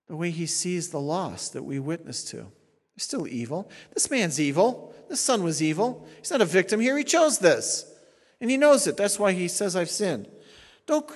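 Emphatic pastor preaching in a reverberant hall. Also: male voice, medium pitch. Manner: emphatic, shifts between hushed and loud. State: tired. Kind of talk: sermon.

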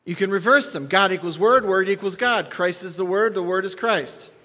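A man's voice: high voice, normal speed, pushed and bright, big-room sound. A man preaching an expository sermon as pastor, emphatic, repeating key phrases and checking in with his listeners.

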